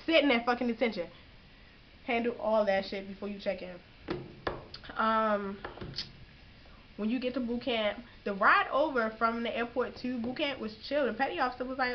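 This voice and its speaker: A young woman giving casual, profanity-heavy advice in a vlog, telling her story in a slangy, animated way. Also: fairly high pitch, a little fast, dull audio, a little hiss or hum. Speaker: vlogger giving boot camp advice.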